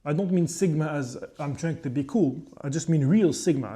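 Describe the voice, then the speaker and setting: French-accented young man, dark voice. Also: a little high, lively intonation, normal speed. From France. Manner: rambling and profane, with frequent asides. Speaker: chef and fitness creator. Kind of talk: casual vlog monologue.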